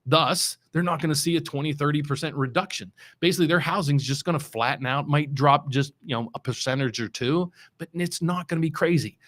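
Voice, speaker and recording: A middle-aged West Virginia man, a mortgage loan officer hosting his own show, offers casual, unscripted market commentary. His fairly high, slightly bright voice moves fairly quickly with hardly any pauses. He rambles loosely, restarting often and leaning hard on key words.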